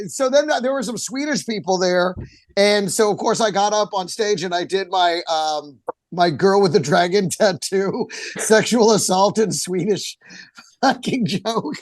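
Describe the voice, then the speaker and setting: A man, a comedian co-hosting a podcast, telling loud, animated stories full of swearing. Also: high voice, dry recording. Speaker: comedian co-host. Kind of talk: casual chat.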